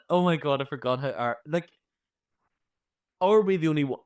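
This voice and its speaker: Animated man, clear voice. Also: a little high. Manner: animated, swears freely, quick reactions. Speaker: podcast co-host. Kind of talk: casual podcast chat.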